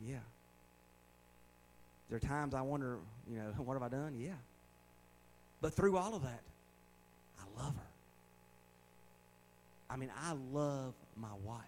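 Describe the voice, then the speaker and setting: A man's voice: mid-range voice, a little mellow, a little hiss or hum, poor audio. A man in his forties preaching a sermon in a conversational way, with joking asides and words repeated for emphasis. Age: 40s. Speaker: pastor.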